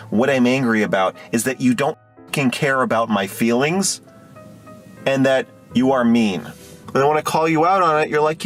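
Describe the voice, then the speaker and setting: A man in a heated argument, shouting, berating and swearing at his partner. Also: mid-range voice, normal speed, soft background music.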